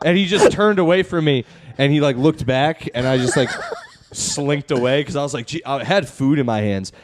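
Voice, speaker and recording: Animated young man hosting a podcast. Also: mid-range voice, moderate pace, background noise. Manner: animated storyteller who acts out street encounters. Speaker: podcast host. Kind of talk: casual podcast chat.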